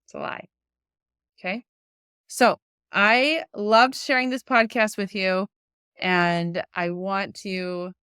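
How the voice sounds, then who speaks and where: A woman's voice: mid-range voice, fairly bright tone, clear, resonant tone, no echo, studio quality. A woman podcast host coaching her listeners in a casual, chatty monologue, full of fillers and restarts.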